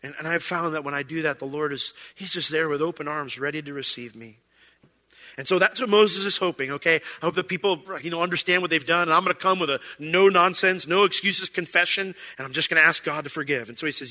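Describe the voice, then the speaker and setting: A man's voice: on the high side, fast talker, bright, forceful tone, in a large hall. A man preaching a sermon as a pastor, in a conversational way, acting out quoted voices.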